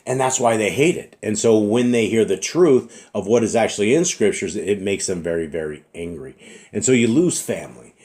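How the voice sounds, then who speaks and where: A middle-aged man preaching in an earnest, repetitive way, clearing his throat often and fighting a slight cough. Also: on the low side, animated, moderate pace, a little mellow. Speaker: religious teacher. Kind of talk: informal preaching monologue.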